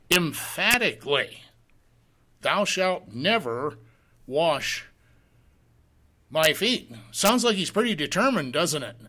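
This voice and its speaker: Working verse by verse through a Bible passage, this preaching pastor reads the old-fashioned scripture text and asks rhetorical questions. He sounds on the high side, with a pushed, bright voice.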